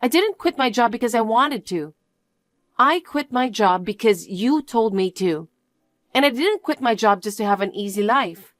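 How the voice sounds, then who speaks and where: A woman's voice: a little high, animated, normal speed, no echo, clean studio sound, pitched above the performer's own voice, close to an everyday voice. A woman voicing an earnest, questioning young woman in a storybook read. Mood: indignant. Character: young woman, patient but firm fiancée. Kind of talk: storybook narration.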